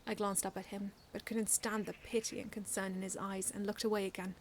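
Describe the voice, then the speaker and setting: A woman reading her own first-person fan story aloud in an earnest, expressive way, often restarting lines. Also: mid-range voice, a little fast, a little hiss or hum.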